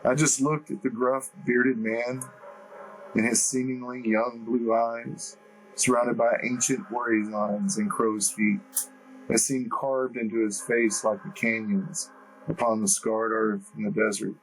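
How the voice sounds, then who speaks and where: A man reading a first-person story as an audiobook narrator, in a measured, deliberate way. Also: mid-range voice, flat delivery, a little hiss or hum, poor audio.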